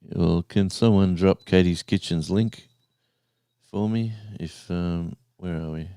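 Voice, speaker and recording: A man in his sixties, hosting a casual live stream, rambling and halting as he reads out the viewers' chat. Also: low-pitched, steady tone, creaky, warm tone, smooth, no room sound, clean studio sound. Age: 60s. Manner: rambling, halting, with many restarts and fillers.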